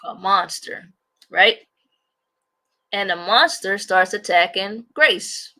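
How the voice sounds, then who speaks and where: Slow, gravelly woman chatting on a livestream. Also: mid-range voice, sharp tone. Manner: rambling, repeats herself, addresses viewers as y'all. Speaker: livestream host. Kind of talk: casual livestream chat.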